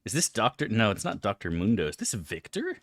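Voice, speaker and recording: Lively, low-voiced, profane male streamer. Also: a little fast, dry recording, clean studio sound. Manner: profane, exaggerated complaining, chummy with chat. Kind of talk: casual live-stream chat while gaming.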